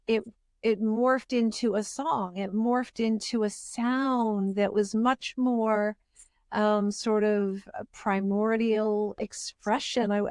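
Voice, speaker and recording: A woman's voice: a little high, a little mellow, no room sound, studio quality. A woman hosting a podcast, talking in an earnest, searching way with frequent restarts. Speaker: podcast host. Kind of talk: reflective interview chat.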